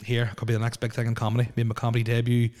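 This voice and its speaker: Racing through a casual solo podcast chat, a lone man in a house rambles and stammers, restarting often and using lots of fillers. His medium-pitched voice is monotone with a darkish tone.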